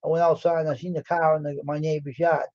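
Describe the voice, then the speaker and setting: A man's voice: on the high side, flat delivery, quick pace, darkish tone, dry recording. A man co-hosting a casual live stream, telling rambling stories and quoting others with exaggeration. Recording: dull lo-fi audio.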